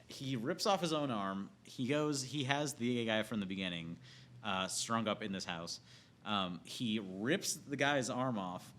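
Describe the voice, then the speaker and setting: A man's voice: lowish voice, measured pace, bright, forceful tone, a little hiss or hum. A man giving a casual, rambling, profane film rant, often breaking into laughter. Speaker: movie reviewer.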